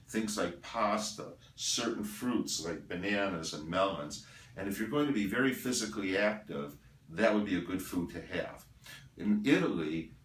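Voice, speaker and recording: An older man with a deep, low voice gives diet advice as a doctor, hammering each rule and ticking off foods one at a time. He sounds roomy and set back from the camera, as if recorded across an office. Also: fairly bright tone. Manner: emphatic, lists items one by one. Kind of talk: talking to camera about diet. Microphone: handheld camera at a distance. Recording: roomy, from far off the mic.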